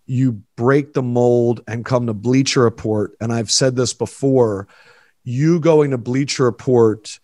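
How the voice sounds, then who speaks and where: A man's voice: medium pitch, dry recording. A man hosting a podcast in casual chat, swearing freely and getting emotional as he tells stories, close to tears. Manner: emotional, swears a lot, animated storytelling. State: teary, close to crying. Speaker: podcast host.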